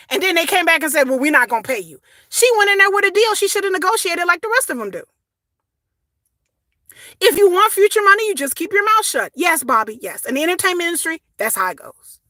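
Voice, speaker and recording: A woman, ranting casually to her viewers, sassy and animated, swearing and repeating words as she goes. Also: very high voice, dry recording, studio quality. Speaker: commentary vlogger. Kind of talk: casual opinion rant.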